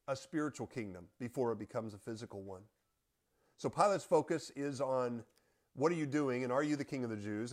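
A man reading scripture aloud and explaining it to a Bible study group in an earnest, measured way. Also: mid-range voice.

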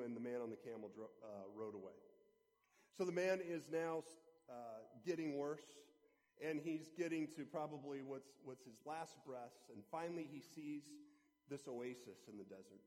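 A man's voice: mid-range voice, animated, moderate pace, a little mellow, long reverb tail. A male pastor preaching a sermon in an earnest, conversational storytelling manner.

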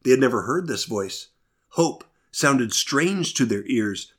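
A man's voice: medium pitch, lively intonation, slow. Earnest male preacher telling a story. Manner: earnest storytelling, shifting pace for emphasis. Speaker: pastor. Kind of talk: sermon.

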